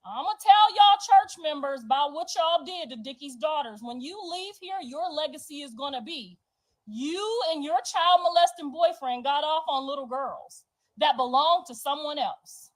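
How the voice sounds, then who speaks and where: A high-pitched woman on a livestream, launching into a heated personal rant. She is confrontational and profane, hammering her points home with repetition. Her voice sits well above the usual range. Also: lively intonation, moderate pace, low-quality recording.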